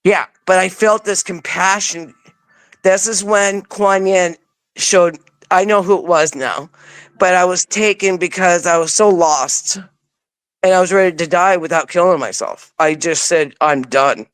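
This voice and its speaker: A woman's voice: lowish voice, a little slow, dry recording. A woman as an interview guest, telling a personal story in casual words and acting out what she said back then. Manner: animated, acts out her own past words; casual, informal wording.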